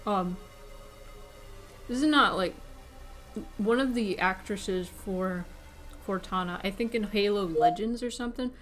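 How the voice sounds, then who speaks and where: A woman streamer in casual livestream chat, chatty and excitable, talking while eating. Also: mid-range voice, unhurried, pauses often. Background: faint background music.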